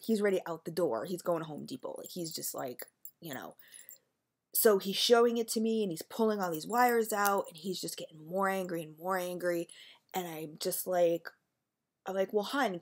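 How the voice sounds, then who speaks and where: Chatty woman rambling through a story. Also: fairly low pitch. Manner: chatty, rambling, filler-heavy retelling. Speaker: vlogger. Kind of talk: casual storytelling to camera.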